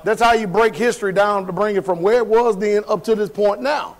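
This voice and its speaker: High-voiced preaching man. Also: a little fast, poor audio. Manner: preaching with call-and-response questions to the congregation; colloquial, laughs at his own remarks, shifts between loud and quiet. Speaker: pastor. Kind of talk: sermon. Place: church sanctuary.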